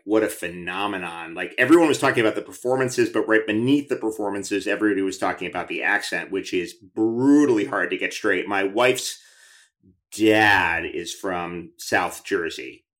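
Low-voiced male interviewer, chatty. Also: normal speed, fairly bright tone. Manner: chatty, enthusiastic, many restarts. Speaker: podcast host. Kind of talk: conversational interview.

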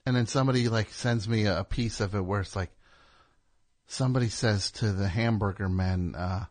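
A man's voice: low-pitched, steady tone, fast. A man hosting a talk radio show, rambling through a sarcastic, mocking monologue. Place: radio studio.

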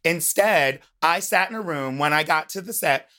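A woman chatting as a podcast guest, an animated storyteller who slips into the voices of the people in her stories. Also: low-pitched, normal speed. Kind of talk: casual podcast chat.

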